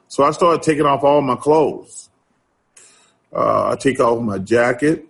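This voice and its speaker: A man's voice: mid-range voice, normal speed, slightly rough. A middle-aged man, telling a story as a podcast guest and acting out the quotes. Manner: animated storyteller, acts out quotes. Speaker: interview guest. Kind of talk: casual storytelling.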